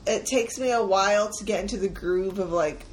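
A woman co-hosting a podcast, chatting casually in a giggly, expressive way. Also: medium pitch, normal speed, a little hiss or hum, low-quality recording. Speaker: podcast co-host. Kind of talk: casual chat.

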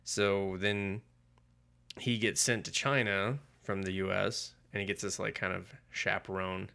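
Gravelly, bright-voiced man rambling casually. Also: sits low, level tone, unhurried. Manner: rambling, profane, retelling plots with filler words. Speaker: podcast co-host. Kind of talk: casual chat reviewing comics.

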